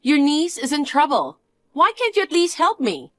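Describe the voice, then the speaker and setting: A woman's voice: high-pitched, huge pitch swings, moderate pace, voice pushed up. A woman voicing a smug, taunting young niece. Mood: whiny pleading. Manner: taunting, sing-song, self-satisfied. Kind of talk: dramatized story reading.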